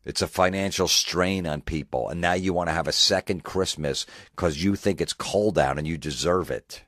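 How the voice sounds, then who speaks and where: A man's voice: low voice, moderate pace, a bit bright, no echo, studio quality. A male comedian ranting sarcastically, mocking and swearing. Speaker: comedian host. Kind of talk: comedic rant.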